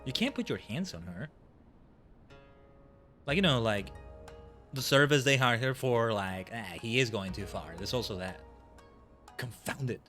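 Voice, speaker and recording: A man streaming a video game, gushing excitedly with stumbling restarts. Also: medium pitch, normal speed, pauses often, soft background music. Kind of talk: casual live gameplay reactions.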